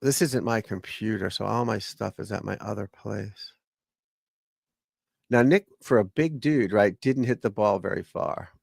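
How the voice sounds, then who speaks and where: A male golf instructor chatting casually on a livestream, with vocal fry, rambling and swearing offhandedly. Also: fairly low pitch, a little slow, no room sound.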